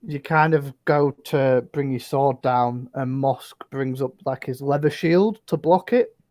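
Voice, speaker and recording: A man narrating as dungeon master in a relaxed, rambling way, full of fillers. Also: mid-range voice, a little slow, no echo. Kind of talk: narrating a tabletop game.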